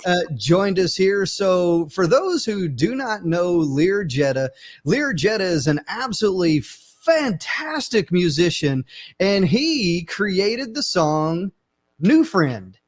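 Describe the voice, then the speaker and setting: A man hosting a live online panel chat, animated and acting out quoted family members. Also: sits high, slow. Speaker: host of a live panel stream.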